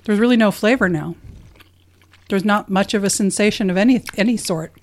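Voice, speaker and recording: A chatty woman co-hosting a relaxed food-tasting show, talking through each flavor with easy amusement. Her voice sits at an ordinary middle pitch for a woman. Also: fairly quick. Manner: chatty, amused, describing tastes in detail. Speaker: co-host. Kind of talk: casual food-tasting chat.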